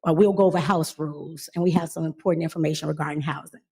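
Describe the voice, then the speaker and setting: A woman community organizer giving public meeting announcements with a steady delivery and many filler pauses. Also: deep voice, husky.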